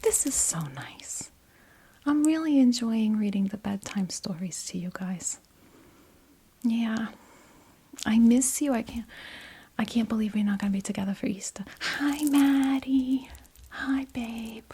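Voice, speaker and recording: A woman's voice: on the high side, a little slow, pauses often, mellow, husky, full character voice. A woman in her fifties voicing a chatty, fussing grandmother from New Jersey on a video call, in whispered role-play. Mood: tender. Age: 50s.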